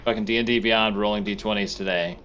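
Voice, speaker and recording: A man's voice: fairly low pitch, fairly even intonation, quick pace, a bit bright, slight background noise. A man playing a tabletop game, chatting eagerly and joking with the group. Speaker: player. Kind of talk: casual tabletop game chat.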